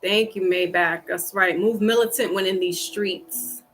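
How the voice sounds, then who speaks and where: A woman hosting a livestream reading, talking casually to her viewers about grief and acting out past conversations in lively voices. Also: medium pitch, measured pace, a little hiss or hum. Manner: talks through grief, quoting herself and a friend in animated voices. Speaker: tarot reader on a livestream. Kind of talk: casual chat with live viewers.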